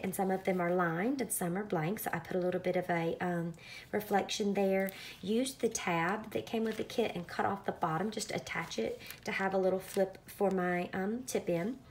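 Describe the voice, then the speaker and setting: Southern woman, craft vlogger, relaxed chatty walkthrough, mid pitch, faint hiss in the background. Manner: chatty, many ums, friendly explaining. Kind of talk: casual show-and-tell walkthrough.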